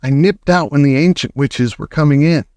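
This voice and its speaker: A man doing an eager little boy in a storybook, his voice jumping high and breathless with excitement. The sound is bone-dry and close, with no room around it. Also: normal speed, no room sound, natural voice. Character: excited, brave young boy turned into a mouse.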